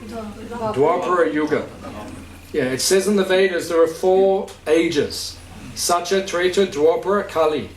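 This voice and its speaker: A fairly high-voiced man gives a relaxed spiritual talk to a gathered group, chatty and often asking whether his point makes sense. He is picked up from a distance in a reverberant room, with a faint hiss underneath. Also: measured pace. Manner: conversational, checks understanding with questions, laughs easily. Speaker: spiritual teacher.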